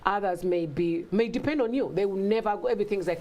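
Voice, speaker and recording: A woman from Africa chatting as a talk-show guest. She tells stories in an animated way, acting out quoted lines and laughing often. Her voice sits at a middle pitch. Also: quick pace, background noise. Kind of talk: casual conversation.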